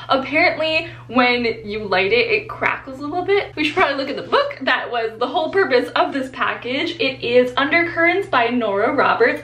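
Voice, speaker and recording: High-voiced chatty woman book vlogger. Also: normal speed, few pauses. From Florida, USA. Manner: chatty and excitable. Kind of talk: casual vlog chat. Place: home, partly outdoors.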